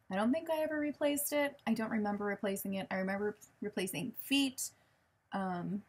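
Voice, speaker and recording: A woman's voice: mid-range voice, husky. Chatty woman in her late twenties. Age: late 20s. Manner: chatty and rambling, many ums and self-corrections. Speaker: vlogger. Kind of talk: casual show-and-tell vlog.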